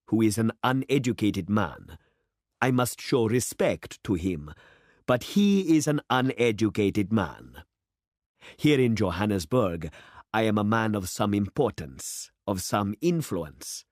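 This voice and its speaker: A man's voice: on the low side, dry recording. A man voicing a worldly, boastful middle-aged city man who speechifies with rising fervor, in a dry, close storybook reading. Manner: expansive, speechifying, rising to oratory.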